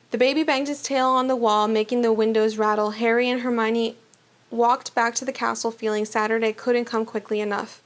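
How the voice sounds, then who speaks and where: A woman's voice: on the high side, fairly even intonation, brisk. A woman reading a children's novel aloud for a youth book club, with small slips and restarts, then asking trivia questions.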